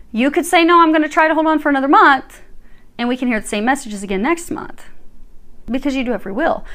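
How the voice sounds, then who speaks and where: A woman giving a tarot reading in a chatty, emphatic way, her voice swinging up and down as she stresses points. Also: a little high. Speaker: tarot reader. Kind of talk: casual tarot reading to camera.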